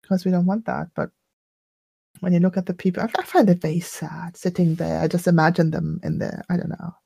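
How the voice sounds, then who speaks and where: A woman co-hosting a podcast, speaking in a reflective casual chat and laughing softly now and then. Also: on the low side, fairly even intonation, brisk, gravelly, breathy edge, no room sound. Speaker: podcast co-host.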